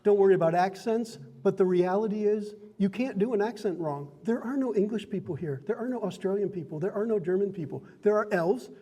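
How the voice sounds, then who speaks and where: A man's voice: high-pitched, fairly quick, few pauses, mellow, slightly rough, big-room sound. A man acting as dungeon master in a card and game store, explaining rules to new players in a friendly, instructive way. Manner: friendly, instructive, laughs often.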